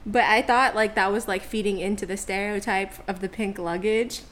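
A woman's voice: mid-range voice, steady tone, normal speed, fairly bright tone. A young woman co-hosting a podcast, telling a story in casual slang and laughing often. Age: young adult. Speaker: podcast co-host. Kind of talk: casual chat.

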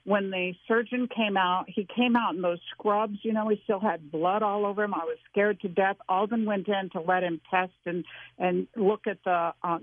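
An older woman, a guest, telling an earnest, animated personal story in casual conversation, with many restarts. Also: mid-range voice, no echo. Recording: dry phone-line audio.

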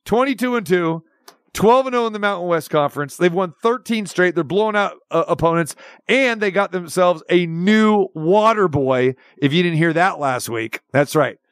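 A man's voice: high-pitched, lively intonation, moderate pace, fairly bright tone, smooth, dry recording, clean studio sound. A man hosting a sports radio show, talking in a casual, jokey, rambling way. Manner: jokey, rambling, switches dialects playfully.

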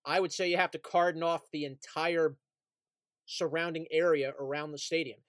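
A man's voice: a little high, steady tone, moderate pace, dry recording. A man co-hosting a casual sports podcast, reading out news items and talking it over with an easy laugh. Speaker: podcast co-host.

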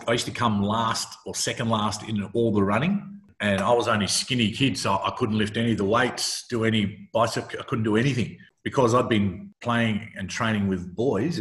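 A middle-aged man with an Australian accent tells his story with a fairly low voice. He acts out the people he quotes and keeps restarting mid-sentence. The recording has a roomy echo. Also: a bit bright. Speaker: retired footballer guest. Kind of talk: casual interview storytelling.

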